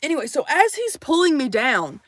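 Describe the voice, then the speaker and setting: A young woman telling a story to her camera from inside her minivan, jumping between loud acted quotes and hushed asides. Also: high-pitched, very animated, brisk, no echo, studio quality. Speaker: vlogger.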